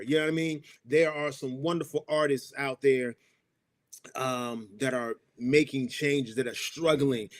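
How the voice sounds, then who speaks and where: A man speaking as a show host, relaxed and conversational, often pausing on "uh" between phrases. His voice sits at an ordinary middle pitch for a man. The recording is dry and close, with no room echo. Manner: loose and conversational, with frequent "uh" fillers. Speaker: host of an arts program. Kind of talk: casual spoken introduction.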